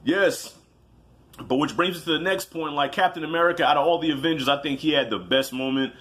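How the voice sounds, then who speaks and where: A man giving a casual, animated movie review, telling it like a story, swearing freely and acting out his own reactions. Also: on the high side, brisk.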